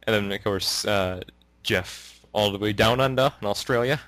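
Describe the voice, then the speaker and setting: A man's voice: on the low side, moderate pace, fairly bright tone, no room sound. A man from Canada hosting a casual podcast, rambling with many fillers and frequent laughs. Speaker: podcast host.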